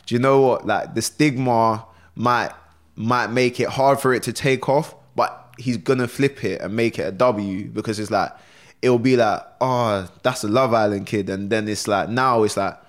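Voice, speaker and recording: Man, young, lowish pitch, relaxed slangy storytelling. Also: normal speed. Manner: laid-back slangy storytelling, acts out quotes. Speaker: rapper guest. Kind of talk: casual podcast interview.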